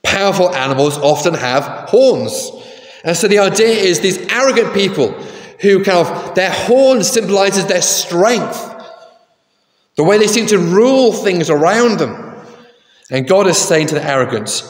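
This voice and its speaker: This sermon comes from a man whose voice is high-pitched and animated, though he never hurries. He talks with the congregation conversationally and asks them questions, and the large church around him gives the recording a long, echoey reverb.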